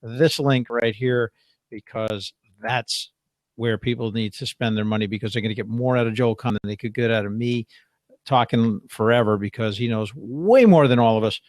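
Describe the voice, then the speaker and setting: A man's voice: mid-range voice, normal speed, a little mellow, no room sound. A man hosting a live-streamed show, chatting casually in a rambling, joking way. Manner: rambling, jokey, trails off and restarts. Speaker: show host.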